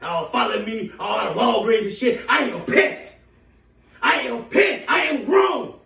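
Man doing an impression of a raging profane lady mayor, very high voice, gravelly, echoey room, from far off. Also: expressive, measured pace, exaggerated voice. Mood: furious. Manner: shouting, profane, laughing rants. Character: furious foul-mouthed woman big-city mayor.

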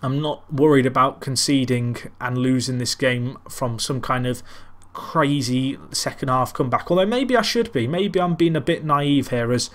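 A man talks over his football management game, calling the match like a sports commentator. He rambles and pokes fun at himself between plays. His pitch sits in an ordinary middle range for a man. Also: moderate pace, few pauses. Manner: rambling, self-deprecating, calls the match like a commentator. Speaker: gaming commentator. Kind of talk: casual Let's Play commentary.

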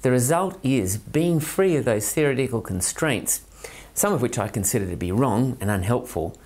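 A man's voice: mid-range voice, animated, normal speed, a little mellow. A man with an Australian accent, a parent presenting a scripted talk in an earnest, methodical way, counting off his points by number. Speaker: parent and autism training promoter.

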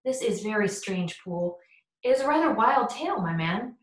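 A woman's voice: medium pitch, expressive, normal speed, natural voice. Brief: woman voicing a stern, questioning male lawyer, storybook, echoey. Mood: doubtful. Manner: questioning, rather sharp. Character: skeptical, sharp middle-aged male lawyer. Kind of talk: audiobook character voice. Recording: roomy echo.

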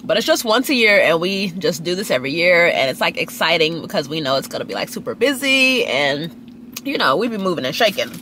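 A young lifestyle vlogger from Dallas, Texas chats to her phone camera at a restaurant while people watching, gossipy and casual. Her voice is sing-song, fairly quick, pushed and bright, with swooping pitch jumps and slight background noise.

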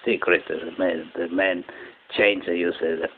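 A man from Japan, rambling through a personal story in halting English with many restarts. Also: low-pitched, fairly even intonation. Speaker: channel host. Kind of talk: casual personal monologue. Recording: tinny phone-quality audio with faint noise.

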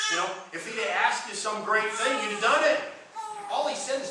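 A man's voice: sits high, a little fast, very noisy. A man preaching a sermon, retelling a Bible story and acting out the quoted lines of its figures. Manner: retells scripture with dramatized quotes. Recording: echoey hall from far off.

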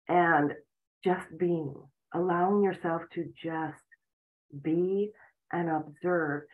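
Low-voiced woman coach, tinny audio. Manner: earnest, instructive, frequent "you know". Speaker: relationship and spiritual coach. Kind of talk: self-help talk to camera.

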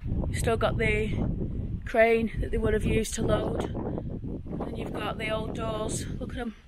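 A woman from Oldham with an Oldham accent edging toward Yorkshire, chatting excitedly as she films a walking tour outdoors on a handheld phone. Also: on the high side, unhurried, heavy background noise. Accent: Oldham, with creeping Yorkshire. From Oldham, northwest England. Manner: chatty, exclamatory, rambling. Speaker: vlogger. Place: outdoors on streets. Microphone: handheld phone camera.

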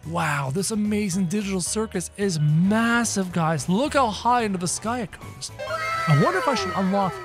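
A young man giving excited gameplay commentary, energetic and exclamatory, talking to his viewers. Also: high-pitched, moderate pace, soft background music. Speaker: gaming video creator.

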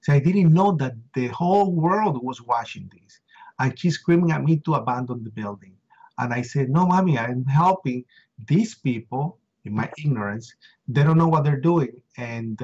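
Speaking at a moderate pace in a slightly mellow voice, a middle-aged interview guest from Puerto Rico relates what he witnessed with feeling. He imitates the people he quotes, pitching his voice upward. The recording sounds dull and lo-fi.

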